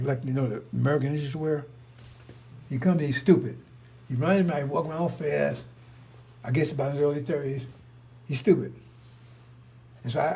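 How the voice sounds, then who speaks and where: Older guy ranting in a loose monologue, kinda high voice but warm and mellow, blunt, keeps restarting. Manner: blunt and confrontational, with frequent restarts and profanity. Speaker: storyteller. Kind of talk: rambling casual monologue.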